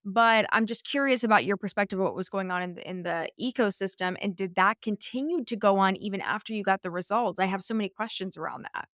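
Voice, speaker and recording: A woman hosts a podcast in a chatty, gushing way, filling her sentences with "like". Her voice sits at an ordinary pitch for a woman. The recording is dry and close, with no room sound. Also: quick pace, few pauses, a bit bright, no echo. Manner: chatty, gushing, many "like" fillers. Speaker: podcast host. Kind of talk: conversational interview.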